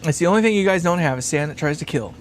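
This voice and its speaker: A man's voice: on the high side, animated, fast talker, slight background noise. A man hosting a casual livestream while building a guitar amp, rambling, laughing often and swearing freely.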